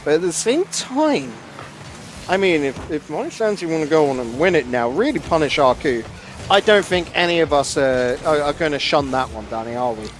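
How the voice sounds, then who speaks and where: Excitable man doing esports play-by-play. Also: a little high, a little hiss or hum. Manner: excitable, quick exclamations over replays. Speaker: esports commentator. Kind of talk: live play-by-play commentary.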